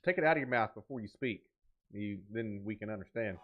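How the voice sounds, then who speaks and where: A man hosting a live horror-game stream, giving energetic commentary and teasing his chat with jokes. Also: fairly low pitch, a little fast, faint music behind. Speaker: streamer host.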